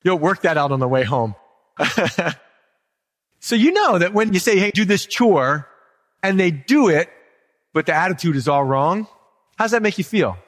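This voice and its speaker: Man pastor, slightly high voice, conversational and funny, long church-hall reverb. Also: big pitch swings, moderate pace, long pauses. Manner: conversational and humorous, asks the congregation questions. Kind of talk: sermon.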